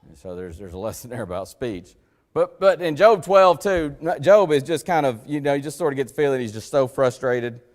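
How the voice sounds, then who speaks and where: A man preaches a folksy, conversational sermon in a church sanctuary. He swings from loud, emphatic lines to hushed, low asides and acts out the voices he quotes. His voice carries a long, ringing reverb from the hall. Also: animated, fairly quick.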